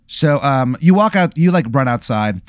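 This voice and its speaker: A man's voice: mid-range voice, animated, normal speed, smooth, dry recording. A man runs a tabletop game, narrating with many fillers and relishing gory detail. His voice sits mid-range and is recorded dry and close. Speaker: game master.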